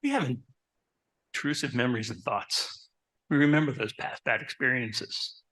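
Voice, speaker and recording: Therapist type, male, husky and pushy delivery, quizzes the crowd, chatty anecdotes. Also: mid-range voice, moderate pace. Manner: animated, asks the audience questions; personal anecdotes, conversational. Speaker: therapist giving a talk. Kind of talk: live presentation to an audience.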